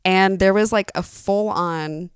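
A woman's voice: mid-range voice, a little slow, clear, resonant tone, no room sound, clean studio sound. A woman, co-hosting a podcast and telling a story in casual chat, acting out quotes. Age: 20s. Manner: chatty storyteller, acts out quotes with lively voices. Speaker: podcast co-host.

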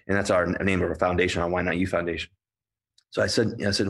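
A man's voice: low voice, level tone, rapid-fire, gravelly. A man telling a personal story to an audience, earnest and emotional, often restarting and repeating himself. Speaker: guest speaker.

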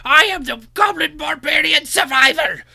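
A man voicing a short, loud male goblin barbarian who bellows dramatically in a tabletop game. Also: very high-pitched, moderate pace, gravelly, pitched above the performer's own voice, heavily acted. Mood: shouting.

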